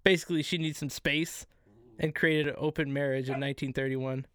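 A man co-hosting a casual podcast, telling history in a profane, excitable way. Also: on the high side, brisk, clean tone, dry recording. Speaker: podcast co-host. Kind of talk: casual chat.

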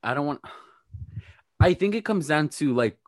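A man's voice: a little high, animated, moderate pace, no echo, clean studio sound. A man co-hosting a casual, profane chat that recaps a reality show, acting out the cast's lines as he goes. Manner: sassy, profane, quotes the cast in a put-on voice. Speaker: podcast co-host.

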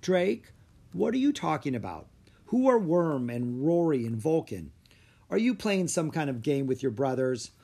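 A patient, matter-of-fact mother in a storybook, mildly scolding in a lifted, lively voice, as a man puts her on. She stays level and sure of herself. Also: a little high, measured pace, vocal fry, heavily acted.

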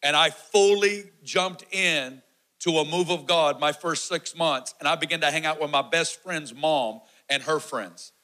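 A man in his forties preaching a sermon testimony, telling his story with animated energy and acting out the shouts and quotes. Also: fairly high pitch, a little slow, rough recording.

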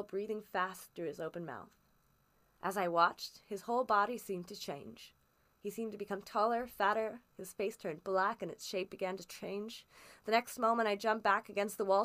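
A woman reading a classic story aloud as a first-person narrator, steady and expressive in emphasis. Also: mid-range voice, moderate pace. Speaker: audiobook reader.

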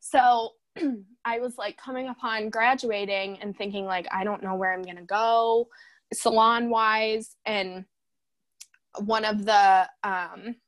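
A woman in her twenties, a guest telling her story in a casual chat, animated and quick to laugh as she acts out her own past thoughts. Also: medium pitch, dry recording. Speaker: guest, hairstylist.

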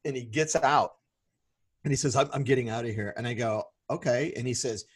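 A man's voice: medium pitch, a little fast, slightly rough. A middle-aged man co-hosting a podcast, telling a story in casual chat and acting out the people in it. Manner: animated, acts out quoted voices. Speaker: podcast co-host.

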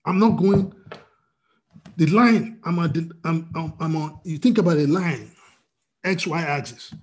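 A man's voice: fairly high pitch, measured pace, a little mellow. A man preaching a sermon as pastor, asking the congregation rhetorical questions.

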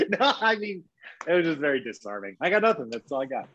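A man co-hosting a casual podcast, animated and wisecracking. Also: a little high, a little fast, muffled recording, slight background noise. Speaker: podcast co-host.

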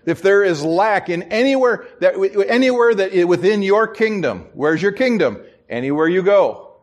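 A man's voice: high-pitched, expressive, normal speed. A middle-aged man preaching a sermon as pastor, telling stories and acting out the people in them. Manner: storytelling, acts out quoted voices, chuckles at himself.

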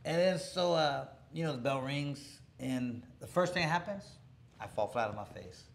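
A man's voice: medium pitch, lively intonation, normal speed, vocal fry, slight background noise. A middle-aged man telling a boxing story in a casual interview, rambling with many restarts and chuckling along the way. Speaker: former boxer telling a story.

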